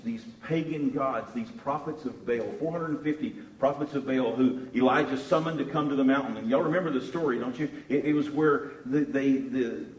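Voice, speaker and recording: Animated man preaching in echoey hall. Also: medium pitch. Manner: animated storytelling, repeats words while searching. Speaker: pastor. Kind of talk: sermon. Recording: echoey room from far off.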